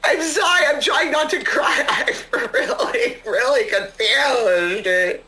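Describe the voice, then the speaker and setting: A woman's voice: high voice, expressive, slow, bright, forceful tone. A distraught woman crying and pleading in a tense reality TV scene, swearing and apologizing. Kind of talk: emotional reality TV confrontation.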